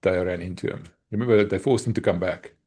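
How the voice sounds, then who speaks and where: Husky South African man, casual chat. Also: low-pitched, fast, darkish tone. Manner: teasing, chatty, laughs often. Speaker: podcast co-host.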